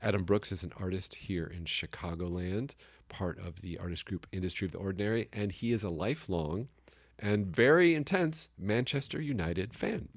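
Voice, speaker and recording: A man co-hosting a casual podcast chat, joking and laughing often, with sudden high exclamations. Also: normal speed, vocal fry, no echo. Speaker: podcast co-host. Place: Chicago area.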